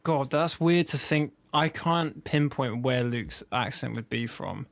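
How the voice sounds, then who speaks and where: A man's voice: mid-range voice, a little slow, creaky, dry recording. An English man co-hosting a podcast in casual chat, rambling with restarts and frequent laughs. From England. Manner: rambling, self-interrupting, laughs often. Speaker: podcast co-host.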